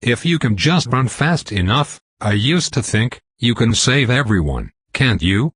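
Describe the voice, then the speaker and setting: A man's voice: medium pitch, sing-song, unhurried, a bit bright, slightly rough, dry recording, exaggerated voice. A man reading as an eager young speedster hero. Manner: earnest, chatty, friendly. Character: eager young male superhero speedster, earnest.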